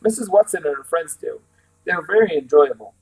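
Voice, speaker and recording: A man's voice: on the high side, big pitch swings, a little fast, gravelly, husky, heavily acted, low-quality recording. A man reading the part of a small, precocious boy who talks in a matter-of-fact, earnest way.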